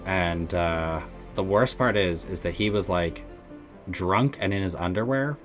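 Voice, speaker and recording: A man's voice: deep voice, measured pace. An American man streaming, telling a rambling casual story full of "like" and "uh" fillers. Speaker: game streamer. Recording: tinny phone-like sound with faint music behind.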